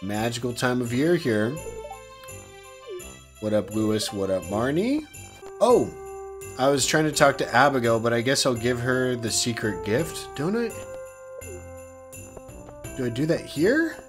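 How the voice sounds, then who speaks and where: This let's play host talks in a mid-range, very animated voice, unhurried and pausing often. He's losing his voice, so it sounds a little worn, but his commentary stays casual, upbeat, chatty and self-deprecating over faint game music.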